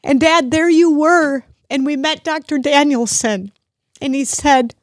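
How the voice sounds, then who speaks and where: A middle-aged woman hosting a podcast, talking warmly and emotionally to her father, grateful and close to tears. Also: high-pitched, unhurried, no room sound. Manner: emotional, grateful, at times tearful. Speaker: podcast host. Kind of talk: heartfelt family conversation.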